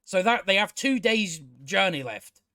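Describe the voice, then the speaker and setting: A man's voice: sits high, animated, a little slow, sharp tone, no echo, studio quality. A man hosting a casual spoken TV review, sarcastic and exasperated, swearing freely and restarting his sentences. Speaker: TV review channel host.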